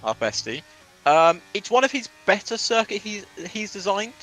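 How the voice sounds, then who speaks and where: Male esports race caller, bright tone, animated delivery, chatty and self-mocking. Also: sits high, normal speed, faint music behind. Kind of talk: live race commentary.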